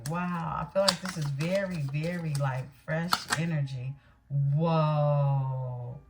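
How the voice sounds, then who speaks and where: A woman's voice: sits low, background noise. A woman doing a tarot card reading, blunt and emphatic, often checking in with her listeners as she goes. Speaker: tarot reader.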